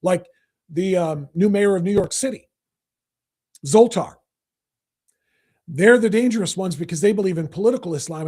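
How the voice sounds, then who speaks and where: A man hosting a political talk show, his voice pitched unusually high with a husky edge. He delivers an emphatic monologue, repeating phrases and building to loud, forceful bursts. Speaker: podcast host.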